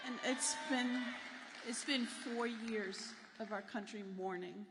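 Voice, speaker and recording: A woman's voice: fairly high pitch, slow pace, noisy background. A woman giving an earnest, emotional personal testimony as an invited speaker at a rally. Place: large rally hall. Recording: echoey hall with faint ambience.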